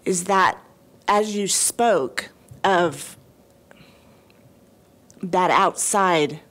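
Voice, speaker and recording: A woman calling in to a radio show, crying as she talks in a halting, emotional way with many restarts. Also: on the low side, a bit bright. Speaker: caller. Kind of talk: call-in conversation.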